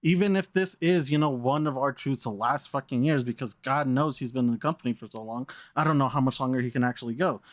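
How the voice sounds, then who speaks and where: A man's voice: mid-range voice, a little fast, hardly any pauses, no room sound. A man co-hosting a casual podcast, blunt and insistent, often laughing along. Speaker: podcast co-host. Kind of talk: casual wrestling podcast chat.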